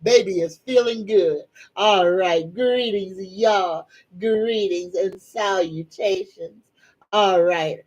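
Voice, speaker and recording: Slow-talking woman hosting a livestream. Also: medium pitch, darkish tone, poor audio. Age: middle-aged. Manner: slow, drawn-out, folksy address. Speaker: psychic livestream host. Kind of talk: casual live-stream chat.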